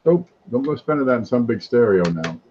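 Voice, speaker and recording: A man hosting a casual coin auction live stream, joking his way through a mock sales pitch. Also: sing-song, fairly quick, darkish tone, dull audio, a little hiss or hum.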